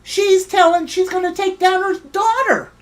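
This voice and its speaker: A woman's voice: very high voice, unhurried. A woman hosting a livestream, ranting heatedly and swearing while greeting viewers in her chat by name. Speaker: livestream host.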